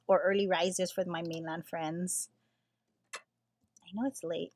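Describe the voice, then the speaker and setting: A middle-aged woman chatting on a late-night live stream from her garage craft space, talking softly and often slipping into a whisper, with lots of fillers. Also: lowish voice, flat delivery, unhurried, pauses often, slight background noise. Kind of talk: casual live-stream chat.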